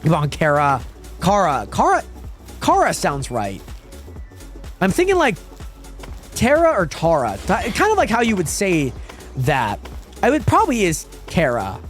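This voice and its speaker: Guy streaming a game, chatty and rambly, high voice, faint music behind him. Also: huge pitch swings, a little slow, long pauses. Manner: chatty, reads chat aloud, trails off and repeats words. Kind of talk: casual live-stream chat while gaming.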